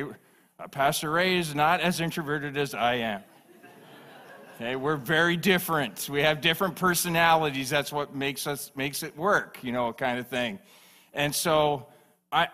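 A man's voice: medium pitch, pushed and bright. A man preaching a sermon as pastor, emphatic and repeating phrases for stress.

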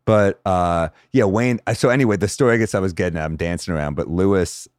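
A man hosting a podcast, telling comedy-club stories in a casual, animated way and bursting into loud impressions of people. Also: low voice, fast talker, no room sound, clean studio sound. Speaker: podcast host. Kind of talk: casual storytelling chat.

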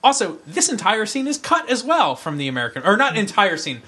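A man's voice: high voice, big pitch swings, brisk, sharp tone, slight background noise. A man co-hosting a podcast, giving a rambling scene-by-scene recap in casual film discussion. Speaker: podcast co-host.

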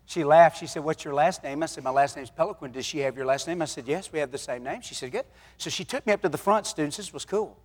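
A pastor delivers a sermon with a fairly high voice, drifting from booming exhortation to near-whispers. His folksy storytelling rings out in a church hall with long reverb. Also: fast talker. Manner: folksy storytelling, swinging from loud exhortation to hushed tones. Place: church sanctuary.

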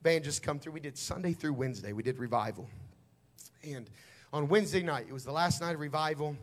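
A male pastor, telling a folksy story in a sermon and building to loud, shouted preaching. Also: a little high, a little fast.

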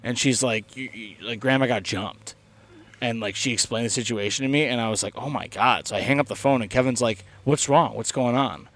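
A man's voice: medium pitch, a little fast, a bit bright, dry recording. A young man on a podcast, rambling and swearing through a story in casual chat, laughing as he goes. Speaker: podcast co-host.

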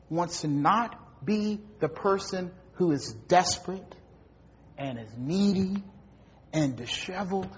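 Emphatic storytelling preacher, muffled recording. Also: male voice, very high-pitched. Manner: storytelling, acts out voices, rising to emphatic shouts. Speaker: pastor. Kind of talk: sermon.

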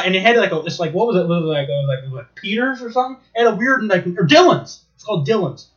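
A high-pitched man with a bright, forceful voice tells rambling stories full of swearing and restarts. He talks casually and with animation, and his voice comes through a dull, lo-fi recording. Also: quick pace, few pauses. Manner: rambling, profane, animated storytelling. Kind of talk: casual chat.

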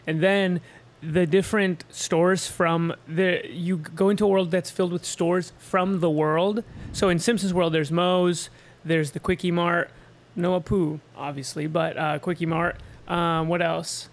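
A man's voice: sits high, fairly even intonation, measured pace, slight background noise. A man co-hosting a casual chat, telling travel stories in a rambling way with many restarts. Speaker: podcast co-host.

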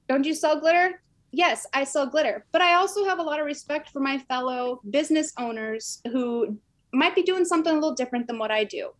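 A woman who runs a small business, chatting casually and saying "like" often. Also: on the high side. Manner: chatty, fond of "like". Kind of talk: casual chat.

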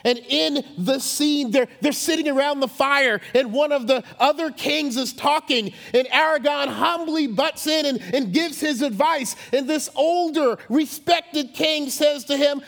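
A man preaching a sermon in a lively, conversational way with dramatic emphasis. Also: very high voice, unhurried, vocal fry, few pauses. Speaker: pastor. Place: church sanctuary.

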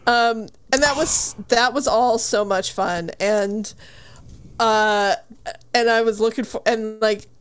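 A woman's voice: fairly high pitch, slow, clean tone. A woman co-hosting a casual book podcast who retells the plot with gusto, acts out the characters' lines and laughs and swears freely. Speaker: podcast co-host. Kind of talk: casual book review chat.

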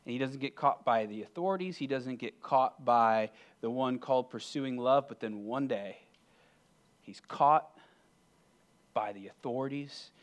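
A man preaching a sermon as pastor. His pitch sits in the middle, and he is earnest throughout. He swings from emphatic, raised lines to hushed near-whispers. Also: measured pace.

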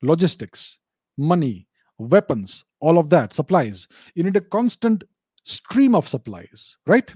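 A man answering viewer questions in an unscripted explanatory talk, measured, often repeating and restarting phrases. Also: a little high, sing-song, mellow, slightly rough, no echo.

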